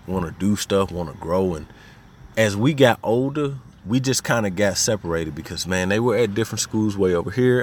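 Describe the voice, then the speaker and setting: A man's voice: on the low side, a little hiss or hum. A man with an Arkansas Southern accent, talking casually and telling personal stories as a podcast host, full of slang and "you know what I mean.". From Little Rock, Arkansas.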